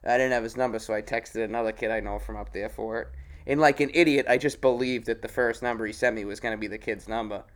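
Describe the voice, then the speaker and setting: A man's voice: lowish voice, steady tone, fast talker. A man, a podcast guest telling loose, profane stories in casual chat.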